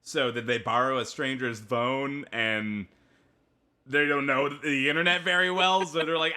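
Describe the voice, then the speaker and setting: Bright-voiced wry man in his thirties. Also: mid-range voice, steady tone, moderate pace. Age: 30s. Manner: dry, self-deprecating. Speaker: podcast co-host. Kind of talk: casual comedy chat.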